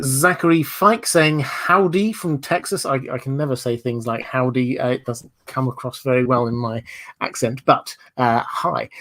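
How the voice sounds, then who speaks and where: A man's voice: medium pitch, a bit bright. Man hosting a lore livestream. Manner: thoughtful, analytical explainer reading viewer chat. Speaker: livestream host. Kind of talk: live-streamed lore discussion.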